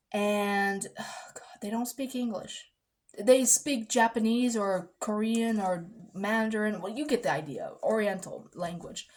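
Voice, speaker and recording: A chatty young massage therapist talks in a casual vlog, wandering from topic to topic with lots of animation. Quotes get acted out, and at times her voice falls to a low mutter.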